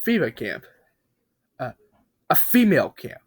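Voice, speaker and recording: A man's voice: medium pitch, huge pitch swings, unhurried, breathy edge, full character voice. A man voicing an unhinged cartoon builder who rants and screams in a raised, manic voice. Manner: yelling, manic, ranting.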